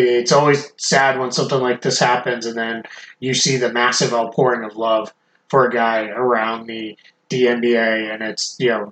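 Male podcast host, mid pitch, eager plugs, hiccups; echoey room recording with light hiss. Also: fairly bright tone. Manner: eager, self-promoting, many restarts. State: has the hiccups. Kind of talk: casual podcast chat.

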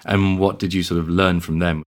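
A man's voice: low voice, flat delivery, moderate pace. A man hosting an interview, asking chatty and encouraging questions. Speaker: podcast host. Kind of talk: conversational interview.

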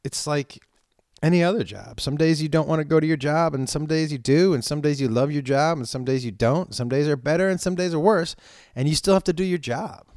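A comedian telling stories in casual chat, swearing often and ranting with animation. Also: male voice, a little high, fairly quick, dry recording, studio quality. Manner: profane, animated storytelling rants.

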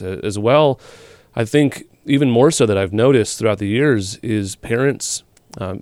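A man with a fairly low voice hosts a ministry radio program. He poses questions in a measured, thoughtful way with small halts, recorded dry and close. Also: clean tone, no room sound. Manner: measured, thoughtful, halting phrasing. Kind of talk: interview question.

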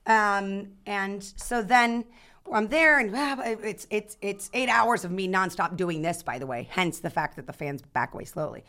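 A woman in her thirties, a guest actor telling stories in a casual podcast chat, animated and full of restarts. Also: mid-range voice, unhurried. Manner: animated storyteller, many restarts and fillers.

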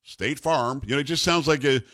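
A man's voice: mid-range voice, brisk, pushed and bright, dry recording. A middle-aged or older man hosting a talk radio show, rambling and incredulous in casual chat.

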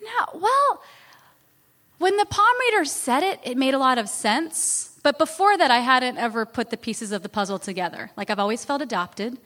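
A woman's voice: high-pitched, animated, normal speed, fairly bright tone, in a large hall. A woman guest in an interview, candidly telling a personal story in a chatty, self-deprecating way.

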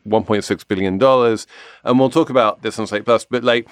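A man's voice: on the low side, fairly quick, smooth, no room sound, studio quality. A man hosting a podcast in casual chat, explaining things with confident asides. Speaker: podcast host.

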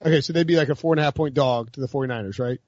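A man hosting a casual sports betting chat, talking quickly with frequent restarts and laughs. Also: medium pitch, darkish tone, dry recording, lo-fi sound. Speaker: podcast host.

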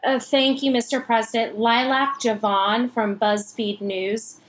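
A man's voice: very high-pitched, little pitch movement, unhurried, over a noisy crowd. A man voicing an eager female news reporter asking a question.

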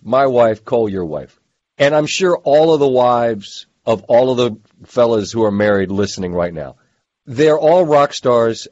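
Man, podcast co-host, casual chat, animated storyteller, dry muffled recording. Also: medium pitch, no room sound.

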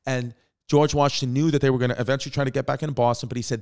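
A man in his thirties with a New York accent, telling history as a comedy bit, profane and rambling with quick asides. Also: mid-range voice, little pitch movement, darkish tone, no room sound, studio quality. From Staten Island, New York.

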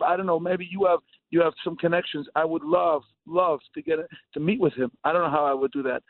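A man from California calling in to a radio show, rambling excitedly and repeating his words. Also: high voice, no room sound. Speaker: caller. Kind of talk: casual call-in chat. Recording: tinny phone line.

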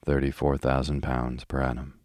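Brief: a man reads a polite, deferential hotel owner, deep, flat and dry-miked. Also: normal speed, no room sound. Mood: courteous. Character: courteous suave male hotel owner. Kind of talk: calm audiobook reading.

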